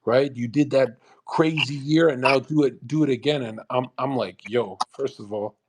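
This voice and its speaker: A man's voice: mid-range voice, steady tone, moderate pace, noisy background. A man hosting a live audio chat room, lecturing in a brash, repetitive, heavily profane manner. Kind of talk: profane motivational monologue. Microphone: online audio call.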